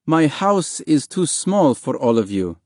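A kindly old man, over sixty, speaks in a slow, gentle, measured storybook voice, as a male narrator puts him on. He is pitched a little above the reader's own tone and unhurried. The sound is dry and close. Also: big pitch swings, dry recording. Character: elderly kind Arab man, gentle and slow.

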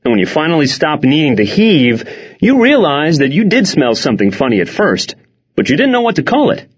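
Man narrating an audiobook with a lively lilt. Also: fairly high pitch, a little fast, slightly rough. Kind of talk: first-person audiobook narration. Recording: dull lo-fi recording.

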